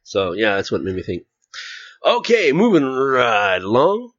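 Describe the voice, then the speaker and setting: Lively-voiced casual podcast host, man. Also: medium pitch, unhurried, dry recording. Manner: jokey, rambling, puts on voices. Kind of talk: casual chat. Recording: dull, dry lo-fi sound.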